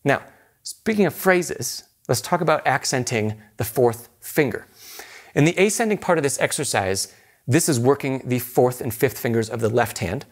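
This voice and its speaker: A man's voice: mid-range voice, lively intonation, moderate pace. Patient, encouraging male piano teacher. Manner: patient, encouraging explanations with rhetorical questions. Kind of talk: instructional piano lesson.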